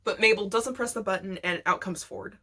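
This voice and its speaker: A woman's voice: medium pitch, fairly quick, bright, forceful tone. A woman vlogger casually telling a rambling, profanity-laced story, laughing often as she goes.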